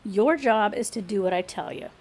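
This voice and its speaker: A woman's voice: medium pitch, animated, normal speed, creaky, darkish tone. A woman reading aloud, voicing a bossy woman bartender who taunts and gives orders. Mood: commanding. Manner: taunting, commanding.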